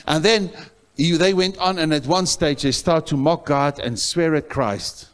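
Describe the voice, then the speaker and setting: A male pastor from South Africa preaches a sermon in church, telling a story with loud outbursts that fall away into soft asides. His pitch is fairly high and his pace measured.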